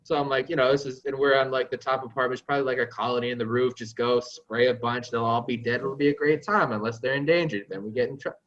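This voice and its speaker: A man from New York telling a story in an animated, profane, self-mocking way, on a podcast call. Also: medium pitch, fast, hardly any pauses, lo-fi sound. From New York, USA. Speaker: podcast guest. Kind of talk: casual storytelling.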